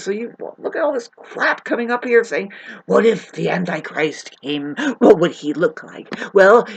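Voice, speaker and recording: A woman, talking alone in a rambling, profane spiritual monologue that swings between loud ranting and low muttering. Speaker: astrology vlogger.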